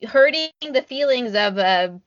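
A woman co-hosting a casual podcast, talking in an animated, chatty way. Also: on the high side, unhurried, dry recording. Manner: animated, chatty, lots of fillers and restarts. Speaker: podcast co-host. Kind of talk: casual chat. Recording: dry, slightly dull lo-fi audio.

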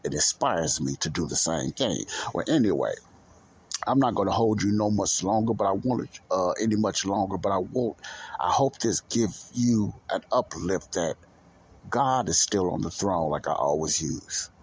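Deep raspy guy doing a podcast sermon, rambles, repeats himself. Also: animated, normal speed. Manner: rambling, repeats himself, loses his thread. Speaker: podcast host. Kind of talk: casual preaching commentary.

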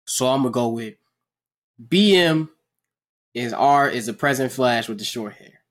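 A young man casually chatting on a podcast, animated and profane, acting out characters between laughs. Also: mid-range voice, moderate pace. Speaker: podcast host.

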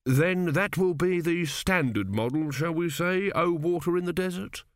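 A man voicing an eager, fawning salesman with a smooth sales patter. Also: a little high, moderate pace, dry recording, clean studio sound, voice pushed up, lightly acted.

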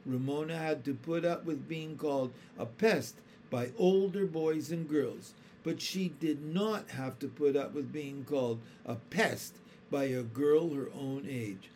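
A man reads a children's chapter book aloud, taking his time over every sentence. His voice sits a little high for a man. A faint hiss runs behind the reading. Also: darkish tone. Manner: slow, careful storytelling. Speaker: storybook reader.

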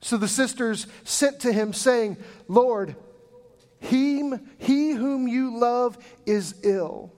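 Male pastor, high voice, animated sermon storyteller who acts out quoted voices. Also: takes it slowly. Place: church sanctuary.

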